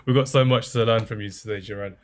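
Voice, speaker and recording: A man's voice: on the low side, steady tone, fast talker, slight background noise. A man hosting a casual football podcast, chatty and self-deprecating, with many fillers. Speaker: podcast host.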